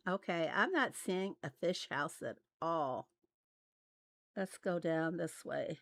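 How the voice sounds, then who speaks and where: Slow-talking woman with a light Southern accent. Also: on the low side, fairly bright tone, no room sound, studio quality. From Arkansas, USA. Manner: chatty and rambling, laughs often. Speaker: game channel host. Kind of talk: casual gameplay commentary.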